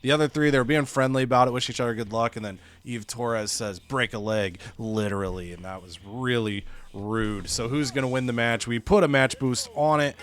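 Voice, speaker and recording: A man's voice: medium pitch, brisk, few pauses, a bit bright. Playful man recapping his wrestling show. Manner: playful, quips and acts out wrestlers' lines. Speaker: co-host recapping a wrestling game. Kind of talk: casual gaming chat.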